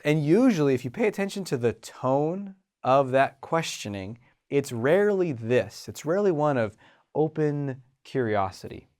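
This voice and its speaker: A man hosting a self-help show about confidence, talking in an animated way and acting out inner voices. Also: a little high, normal speed. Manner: animated, acts out inner voices, frequent restarts. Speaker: host and confidence coach. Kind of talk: motivational self-help talk.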